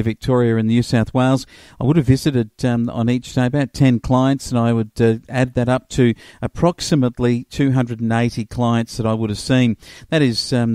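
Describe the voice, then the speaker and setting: A man's voice: mid-range voice, mellow, no room sound, studio quality. A middle-aged Australian man, a radio host, giving a rambling commentary full of filler words. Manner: rambling, many filler uhs.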